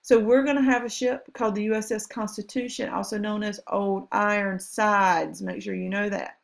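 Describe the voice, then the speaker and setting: A woman's voice: medium pitch, steady tone, normal speed, creaky. A woman teaching history over slides, chatty and enthusiastic, with asides about the pictures. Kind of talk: recorded classroom lecture over slides.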